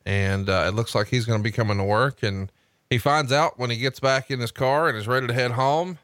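A man co-hosting a podcast, recapping events in a plain, even storytelling way. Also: mid-range voice, fairly quick, no echo, studio quality. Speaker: podcast co-host. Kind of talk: casual narration of events.

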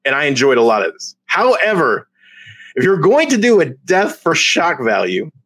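A man co-hosting a casual comic book chat, animated and quick to mock outrage, laughing often. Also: a little high, dry recording. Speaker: comic book podcast co-host.

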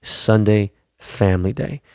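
Low-voiced guy swearing nonstop, rambling, dry close sound. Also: steady tone, unhurried, vocal fry, a little mellow, dry recording. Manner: profane, slangy, rambling. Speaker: vlogger telling about his weekend. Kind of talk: casual chat.

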